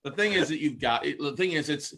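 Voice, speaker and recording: A man's voice: fairly high pitch, expressive, brisk, sharp tone. A man hosting a podcast in casual chat, rambling through long metaphors with frequent restarts. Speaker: podcast host.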